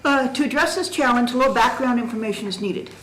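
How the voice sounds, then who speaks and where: A woman's voice: fairly high pitch, fast, a bit bright, reverberant, slight background noise, rough recording. A woman giving formal public testimony at a county board meeting, presenting a challenge methodically and emphatically while reading from documents. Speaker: citizen presenting a candidacy challenge. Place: county government meeting room.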